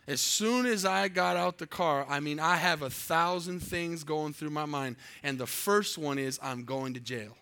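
A man preaching to a congregation in a bright, ringing voice that sits a little high. He tells his story with animation and keeps turning to the room with questions. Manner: animated, quizzes the audience. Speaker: pastor. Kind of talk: sermon storytelling.

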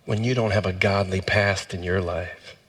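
A man's voice: low-pitched, steady tone, normal speed, a bit bright, breathy edge, pitched below the performer's own voice. A man voicing the devil as an accusing tempter who mocks the listener's past. He puts it on briefly in the middle of a sermon. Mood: sneering accusation. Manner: mocking, accusing.

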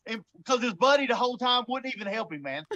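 A man, telling a story in an animated way, often stammering and laughing. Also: very high voice, fast, dull audio. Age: 40s. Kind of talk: casual storytelling.

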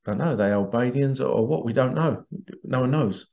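Speaking at a moderate pace with vocal fry in a mid-range voice, a British man hosts a podcast and launches into an agitated monologue of rhetorical questions. The recording is dull and lo-fi.

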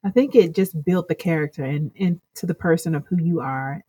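Husky low-voiced woman, earnest and rambly, dry sound. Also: brisk, dark tone, dry recording. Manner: earnest, reflective, rambling with fillers. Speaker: interview guest. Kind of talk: casual interview chat.

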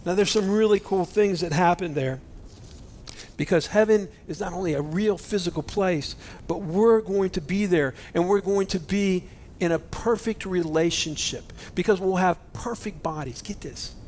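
A man preaches with a high, lifted voice, his delivery swinging from loud, excited exclamations to soft, hushed near-whispers. He sounds emotional and fervent, and a faint low rumble sits underneath the recording. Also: normal speed. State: choked up with emotion. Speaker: pastor. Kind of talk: sermon.

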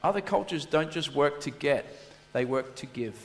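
A man preaching a sermon as a pastor, telling stories in an animated way and acting out his own lines. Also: on the high side, moderate pace, big-room sound.

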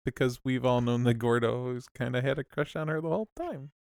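A man's voice: medium pitch, a little fast, creaky, a little mellow, no echo, studio quality. A man co-hosting a podcast, retelling movie scenes in a casual, chatty way. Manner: chatty storyteller, retells scenes, laughs along. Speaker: podcast co-host. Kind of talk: casual chat recapping a movie.

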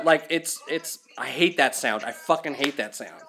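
A man's voice: medium pitch, normal speed, bright, forceful tone, a little hiss or hum. A man co-hosting a casual podcast chat, blunt and profane, often stumbling over repeated words as he starts a sentence. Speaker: podcast co-host.

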